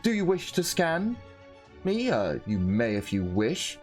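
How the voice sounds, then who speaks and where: A man voicing a pompous, aristocratic male starship captain who speaks in a haughty, theatrical way, with soft music underneath. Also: fairly high pitch, huge pitch swings, pitched above the performer's own voice. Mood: grandiose. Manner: haughty, theatrical, drawn-out speech.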